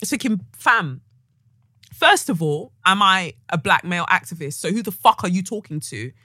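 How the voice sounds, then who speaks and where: A woman's voice: lowish voice, animated, moderate pace, pushed and bright, dry recording, clean studio sound. A woman, talking as a podcast host in a heated, ranting monologue full of swearing. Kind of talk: casual monologue.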